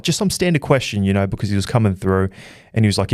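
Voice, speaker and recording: Brief: male host, low voice, casual rambling recap, dry close mic. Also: racing, a little mellow, no echo. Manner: chatty storyteller, many fillers and restarts. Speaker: boxing channel host.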